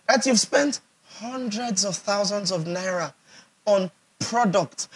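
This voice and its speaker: Nigerian male pastor, sermon delivery, husky high voice, emphatic and repetitive. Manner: emphatic, repeats phrases for effect, asks the audience questions.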